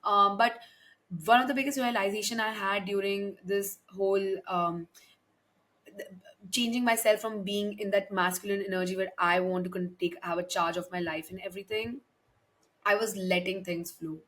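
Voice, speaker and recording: A woman's voice: mid-range voice, fairly even intonation, normal speed, a bit bright. Young woman host, candid solo podcast talk, blunt, swears a lot, repeats herself. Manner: frank and emphatic, swears often, many restarts.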